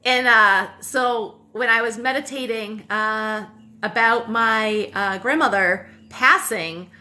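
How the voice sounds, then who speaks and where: This spiritual livestream host is a woman in her thirties whose voice is fairly high, slow and sharp. Broadcasting casually from her phone, she wanders through a personal anecdote, swearing offhandedly and constantly filling gaps and correcting herself.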